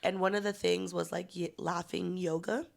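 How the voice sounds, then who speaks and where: Gravelly young woman telling a wild story. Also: on the low side, moderate pace. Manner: animated storytelling, swears freely, laughs often. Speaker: podcast co-host. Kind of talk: casual chat.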